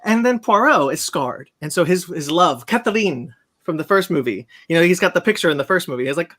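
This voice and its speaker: A man's voice: on the high side, a little fast, a bit bright. A man hosting a casual podcast chat, ranting animatedly and swearing as he recaps a film. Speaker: podcast host.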